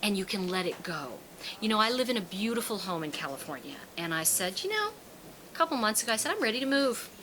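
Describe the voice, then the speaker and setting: A woman's voice: mid-range voice, quick pace, noisy background. A woman who reads tarot cards and teaches, talking casually to an audience and acting out the people in her stories. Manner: animated storyteller, acts out quoted voices. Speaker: tarot card reader and teacher. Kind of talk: casual spoken talk to an audience.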